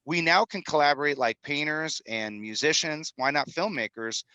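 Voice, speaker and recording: Upbeat fifty-something man, bright and dry. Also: fairly high pitch, normal speed, no echo, poor audio. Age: 50s. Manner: energetic, salesman-like, rambling. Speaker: guest, film executive producer. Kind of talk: animated podcast interview talk. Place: studio in Utah.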